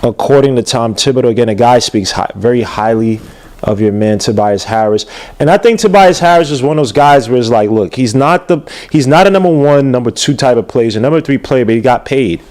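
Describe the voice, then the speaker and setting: A man hosting a casual sports podcast, talking loosely and excitedly, swearing and checking stats on air. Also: mid-range voice, brisk. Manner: loose and animated, swears, looks things up on air. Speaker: podcast host.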